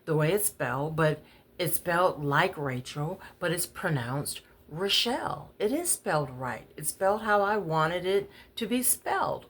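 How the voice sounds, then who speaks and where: A woman voicing her mother, who calmly and patiently reassures a crying child. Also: fairly low pitch, unhurried, slightly rough, pitched above the performer's own voice, exaggerated voice. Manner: calm, reassuring.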